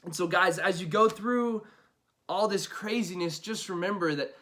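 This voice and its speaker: A young man talks through a casual devotional as a youth pastor, in a high, lively-pitched voice. His tone is bright and forward, and he tells stories in a chatty way, tossing in "right?" to keep listeners with him. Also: moderate pace. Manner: chatty, storytelling, lots of "right?".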